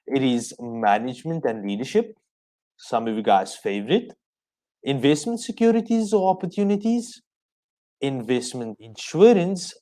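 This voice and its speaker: A man from South Africa leads an exam revision lesson, his voice mellow and warm. He explains slowly, point by point, so listeners can write it down. His pitch sits in the middle range for a man. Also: rough recording. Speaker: teacher.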